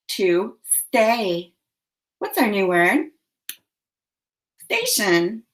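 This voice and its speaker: A woman teacher leading a phonics lesson for young children, giving slow, clearly enunciated prompts. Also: lowish voice, fairly bright tone.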